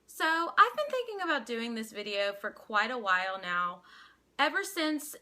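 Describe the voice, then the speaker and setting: A young woman from Louisiana with a light Louisiana accent shares her opinion in a casual vlog. Her voice is fairly high, bright, and forceful, yet she's hesitant, often stopping to restart her sentences.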